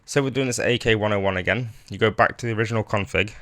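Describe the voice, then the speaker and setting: A man's voice: lowish voice, quick pace, no echo, clean studio sound. A man casually talking through a modding tutorial on his screen, rambling a bit, with fillers and restarts. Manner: relaxed, rambling explanation with frequent fillers and restarts. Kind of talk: screen-recorded software tutorial.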